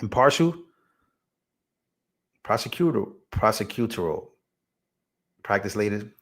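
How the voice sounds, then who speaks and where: A man's voice: lowish voice, expressive, measured pace. Hispanic-accented man hosting a livestream. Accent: Hispanic-accented English. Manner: laughs at himself, stumbles over long words. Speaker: political livestream host. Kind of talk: casual livestream commentary.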